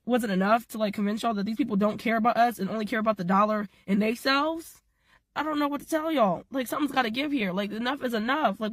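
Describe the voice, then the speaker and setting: Hoarse, weary young woman talking to camera. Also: on the high side, no echo. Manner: weary, rambling, repetitive, exasperated. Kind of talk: casual social media vlog.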